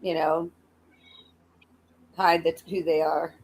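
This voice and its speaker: A woman's voice: sits low, level tone, takes it slowly, very noisy. A woman with a slight Southern accent, chatting casually on a livestream, teasing and laughing often.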